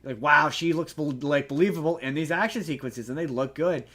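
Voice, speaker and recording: Animated, rambling male podcast host. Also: on the high side, a little fast. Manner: rambling, animated, swears freely, many restarts. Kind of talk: casual podcast chat.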